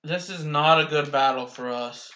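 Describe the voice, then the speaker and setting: A young man casually commentating his own gameplay, rambling slowly with restarts, bothered by hiccups and coughs. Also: fairly high pitch, sharp tone.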